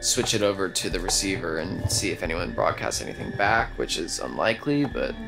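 A man's voice: low-pitched, expressive, brisk, gravelly, music in the background. An actor playing a nervous young male camp counselor in a video game, hesitant and full of fillers. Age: young adult.

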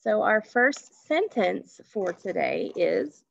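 A woman's voice: medium pitch, very animated, takes it slowly, creaky. A woman teaching a phonics lesson to children, patiently stretching out sounds and asking questions. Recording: dull lo-fi recording.

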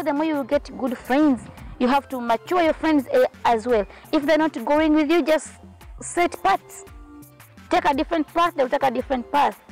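A woman vlogger with a high, darkish voice rants straight at her viewers in an outspoken, scolding way, sweating in the heat as she talks. The recording quality is low.

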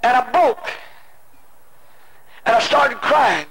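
A male preacher delivering an impassioned sermon, moving between shouted pleading and hushed personal storytelling. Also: very high voice, big pitch swings, slow pace, vocal fry. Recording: noisy old cassette tape.

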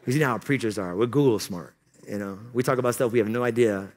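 A male pastor preaches to a conference crowd in a mid-range voice. He slips into playful, joking asides, then builds to loud, impassioned calls. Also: medium pitch, fast talker. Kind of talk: sermon. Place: conference hall.

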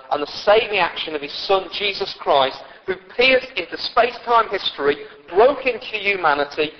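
Male pastor, high voice, lively sermon with jokes, dull reverberant church recording. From Britain. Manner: lively preaching with humorous asides to the congregation. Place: church hall with long reverb.

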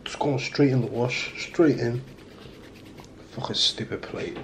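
A man's voice: mid-range voice, fairly even intonation, measured pace, creaky, noisy background. A young man from Liverpool chatting to his camera at home in a rambling, self-mocking way, full of fillers and restarts. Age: young adult. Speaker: vlogger. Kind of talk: casual rambling vlog chat. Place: at home indoors.

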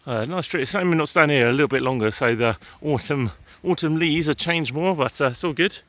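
A man's voice: fairly high pitch, fairly quick, fairly bright tone, no room sound. A man with an English accent, chatting casually and rambling as he walks outdoors through gardens for a vlog, with the odd swear word. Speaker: vlogger. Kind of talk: casual walking-tour vlog. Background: faint outdoor ambience with distant garden machinery.

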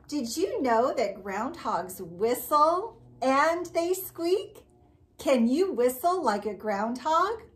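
A woman teaching a circle time lesson to young children, talking in a slow, exaggerated, sing-song way. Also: sits high, very animated, a little hiss or hum. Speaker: preschool teacher.

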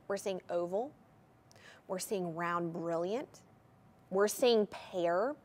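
Tv shopping host lady, super excited gushy sales talk, normal mid voice. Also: medium pitch. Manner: enthusiastic, gushing sales patter. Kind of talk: live TV shopping presentation.

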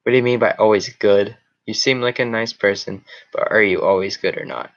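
A man's voice: lowish voice, fairly even intonation, fairly quick, lo-fi sound. A young man hosting a casual live chat with viewers, rambling with many fillers and restarts. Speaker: show host.

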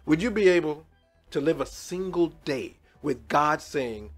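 A man preaching a sermon as pastor, swinging between loud outbursts and quiet asides, talking to the congregation in a plain, colloquial way. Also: fairly high pitch, expressive, measured pace, soft background music. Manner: colloquial, addresses the congregation as y'all.

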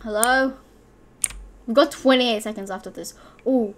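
A young woman hosting a gaming channel, giving excitable live commentary with loud exclamations as she plays. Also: fairly high pitch, measured pace, slight background noise.

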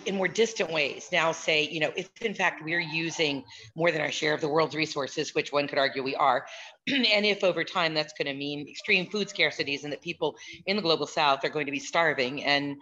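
Bright-voiced woman on a muffled call. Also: deep voice. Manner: thoughtful, halting, many fillers and restarts. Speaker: participant, political science teacher. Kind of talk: casual discussion. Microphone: video call.

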